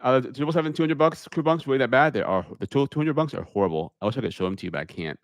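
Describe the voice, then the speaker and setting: A man's voice: mid-range voice, expressive, racing, dry recording. Man in his put-on public speaking voice. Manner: reads viewer questions aloud, then answers plainly. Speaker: airline pilot answering viewer questions. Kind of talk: live Q&A stream, casual chat. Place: home media room with green screen. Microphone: studio microphone on a holder.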